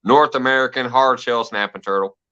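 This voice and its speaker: A man's voice: mid-range voice, fairly quick, bright, forceful tone, clear, resonant tone. A man hosting a casual live stream, telling stories with lots of laughter and swearing. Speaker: host. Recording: dull lo-fi stream audio.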